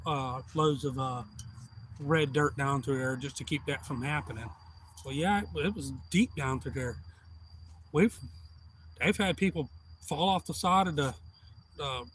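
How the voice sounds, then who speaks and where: A man's voice: on the high side, fairly bright tone, a little hiss or hum. Folksy man, rambling. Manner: profane, meandering, folksy. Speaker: live stream host. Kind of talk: casual rambling storytelling.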